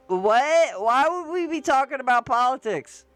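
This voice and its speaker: Woman vlogger, casual rambling chat, fairly high voice, smooth and clear, faint music under. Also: animated, unhurried, a bit bright. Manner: chatty and rambling, with slang and frequent laughs. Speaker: political commentary vlogger.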